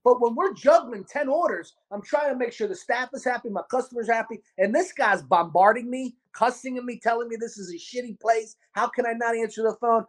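Profane, animated man telling a story. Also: very high voice, fairly quick, hardly any pauses. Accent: Baltimore. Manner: animated, profane, acts out quotes. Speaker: podcast host, restaurant owner. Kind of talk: casual storytelling chat.

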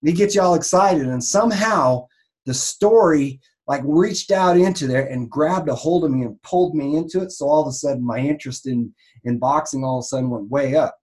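A man's voice: a little high, fairly quick, darkish tone. Rambling man teaching marketing casually. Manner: rambling, conversational, many restarts and fillers. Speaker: online marketer in the raw vegan health business.

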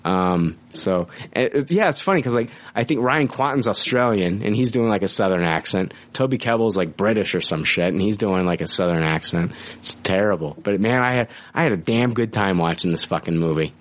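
A man's voice: lowish voice, fairly quick, few pauses. A man hosting a podcast and chatting casually about a movie, with loose, profane talk full of fillers. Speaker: podcast host. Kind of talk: casual movie review chat.

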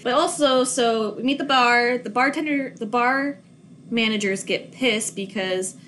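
A woman's voice: fairly high pitch, a little slow, a little hiss or hum. A young woman from Minnesota, co-hosting a podcast and recapping a film in casual, giggly chat with plenty of swearing. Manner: giggly, swears casually, bursts into loud laughs. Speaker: podcast co-host.

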